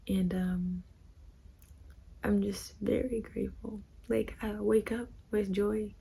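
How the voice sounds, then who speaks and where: A young woman talks straight to her listeners in a loose, rambling way, leaning on fillers as she speaks from the heart about making music. Her voice is husky and a little breathy, with gravelly fry dragging at the ends of her phrases. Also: medium pitch, darkish tone. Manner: rambling, earnest, filler-heavy. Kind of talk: casual heartfelt talk to camera.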